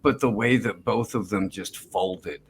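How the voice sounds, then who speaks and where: A man's voice: fairly low pitch, a little slow, slight background noise, low-quality recording. A man hosting a podcast, talking loosely and profanely in a rambling casual chat. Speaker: podcast host.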